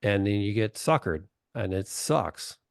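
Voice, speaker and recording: A middle-aged man on a video call who talks bluntly and plainly. His voice sits low and the sound is dry and close. He tells stories and acts out the voices of the people in them. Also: expressive, a little slow, gravelly, no echo. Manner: blunt, storytelling, acts out quotes. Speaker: doctor, webinar guest. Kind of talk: casual chat.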